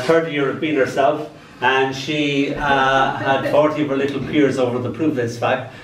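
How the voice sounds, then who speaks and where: A middle-aged man giving a live poetry reading at a showcase, wry and given to chuckling asides. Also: medium pitch. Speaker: poet. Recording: roomy hall, distant mic, faint room noise.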